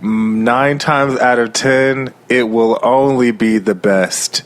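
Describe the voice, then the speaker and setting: A man's voice: mid-range voice, steady tone, slow pace. A man co-hosting a podcast in casual chat, laid-back, backing up his co-host with dry asides.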